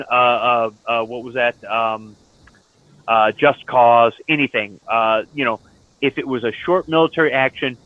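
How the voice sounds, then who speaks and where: Over thin, phone-style voice chat in an online lobby, a middle-aged former Marine tells his stories bluntly and with plenty of profanity. His voice is mid-range, and there's no room sound.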